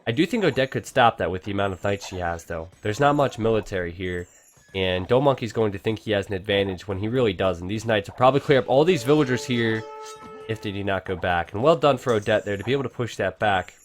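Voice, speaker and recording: A man giving casual, excitable commentary on a strategy game match, chatting to his viewers. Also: lowish voice, quick pace. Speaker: game caster.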